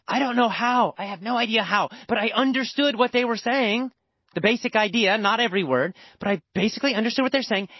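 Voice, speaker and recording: A man's voice: sits high, fast, slightly rough, no echo. An American man teaching a language lesson through a personal story, emphatic and repeating words for stress. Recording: dull lo-fi dry recording.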